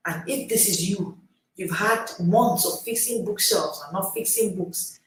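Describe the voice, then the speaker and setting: A woman giving a motivational teaching talk as a reading coach. She speaks emphatically, repeating key phrases and swinging between loud declarations and hushed asides. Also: medium pitch, unhurried. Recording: very echoey room, mic far off.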